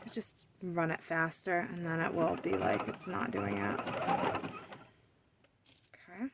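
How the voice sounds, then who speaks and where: A woman's voice: deep voice, very animated, slow, heavy background noise. A woman hosting a DIY sewing tutorial, chatting casually to herself and the fabric as she sews at her machine, playfully scolding it.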